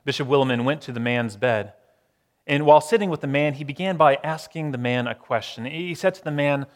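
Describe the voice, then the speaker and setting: Middle-aged male pastor, sermon delivery, dynamic swings from loud to near-whisper. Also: medium pitch, in a large hall. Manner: dramatic pauses, swings from loud to hushed.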